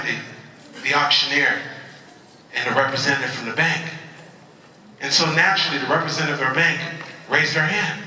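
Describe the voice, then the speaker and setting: A man's voice: a little high, bright, forceful tone. A man giving a motivational speech to a convention audience, telling a story with call-and-response and stammered restarts. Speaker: motivational speaker. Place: large convention hall with audience. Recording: echoey convention hall from far off.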